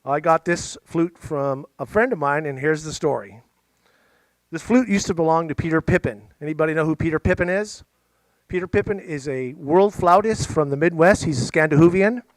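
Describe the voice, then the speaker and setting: A man's voice: a little high, normal speed, dry recording. A middle-aged man telling a story casually to a library audience, chatty and jokey with playful asides. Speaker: musician and storyteller. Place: library event room.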